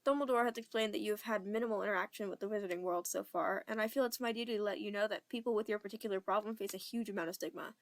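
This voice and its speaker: A woman's voice: mid-range voice, steady tone, very fast, hardly any pauses, no room sound, close to an everyday voice. A young woman reading an amateur audiobook, voicing a stern older woman professor in a reedy, clipped Scottish accent, strict but kind. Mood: prim, stern.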